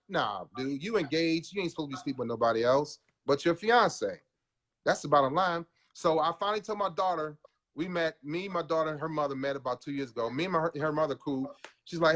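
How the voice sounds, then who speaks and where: A man's voice: on the high side, expressive, fairly quick, fairly bright tone. A man in his forties, a podcast guest, telling his story in an earnest, confessional way and calling the host bro. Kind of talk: candid personal interview.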